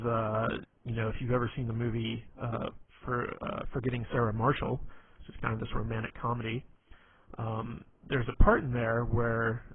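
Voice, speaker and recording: A man talks through humor tips in a loose, rambling manner, stumbling over words and padding with fillers. His voice sits at an ordinary pitch. The sound is thin and phone-like, with a faint hiss underneath. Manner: rambling, many fillers and restarts. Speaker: dating advice presenter. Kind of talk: casual instructional talk. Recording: tinny phone-like audio with faint noise.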